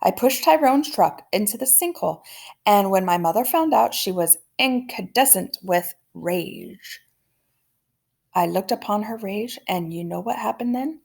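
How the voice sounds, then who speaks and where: A woman's voice: mid-range voice, lively intonation, measured pace, gravelly, a little mellow. A woman voicing a pompous, dramatic boy who speaks in grand, formal sentences, in a storybook read-aloud. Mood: mournful.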